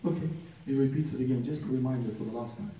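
A man's voice: mid-range voice, quick pace, warm tone, a little hiss or hum. A man preaching a sermon with passion, speaking directly to his listeners as brothers and building to urgent pleas. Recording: roomy echo from far off.

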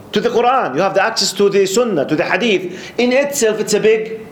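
A middle-aged man from Jordan with a Jordanian Arabic accent, a lecturer giving a lively religious talk full of stories, laughing often and repeating words. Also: high voice, moderate pace. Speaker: Islamic studies lecturer. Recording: roomy echo.

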